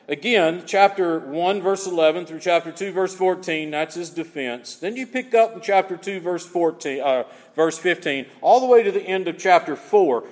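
Emphatic preacher with a lively voice. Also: male voice, high-pitched. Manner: emphatic, repeats phrases for stress. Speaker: pastor. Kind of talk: expository sermon. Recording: long hall reverb.

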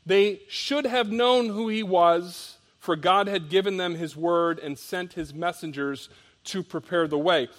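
Male pastor preaching, slightly high voice, reads scripture then explains it with strong emphasis and quiet drops. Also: measured pace. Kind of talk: sermon.

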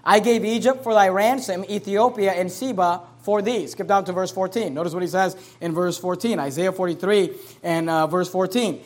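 Male preacher, high voice, casual delivery that swells into emphatic scripture readings. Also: normal speed. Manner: emphatic, conversational preaching with rising volume on scripture. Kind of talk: sermon.

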